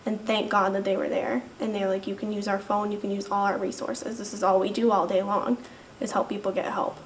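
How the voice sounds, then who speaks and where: A young woman giving a personal testimony in an emotional, halting way, saying "like" again and again. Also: mid-range voice, little pitch movement. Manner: emotional, halting storytelling, says "like" constantly. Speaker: interviewee sharing recovery testimony. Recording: distant mic with faint background noise.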